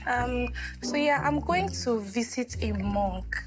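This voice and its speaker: A woman's voice: fairly high pitch, animated, slow, music in the background. An actress playing a young woman influencer applying for a visa, polite but exasperated. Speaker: visa applicant.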